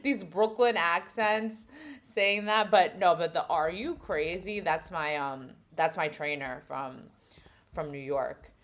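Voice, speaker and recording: A woman's voice: low-pitched, steady tone, slow, fairly bright tone. A woman live-streaming in a casual, rambling way, laughing often and talking to her chat. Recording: music playing behind the voice.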